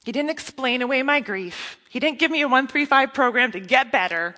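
Woman preacher, earnest and intimate sermon delivery, slightly high voice, echoing church hall. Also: animated, fairly quick. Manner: earnest, soft and intimate, often dropping to a hush. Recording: long reverb of a hall.

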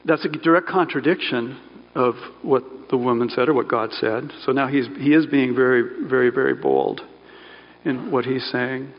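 A man's voice: mid-range voice, moderate pace. A man preaching a sermon in a loose, conversational way, correcting himself mid-sentence and adding asides. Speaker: pastor. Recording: dull sound with long hall reverb.

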